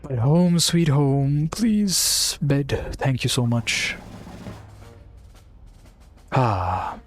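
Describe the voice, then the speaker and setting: A man's voice: mid-range voice, extremely slow, pauses often, soft background music. A man streaming a game, chatting casually and playfully while thinking aloud and reading bits to himself. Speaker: gaming streamer. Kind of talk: casual gameplay commentary.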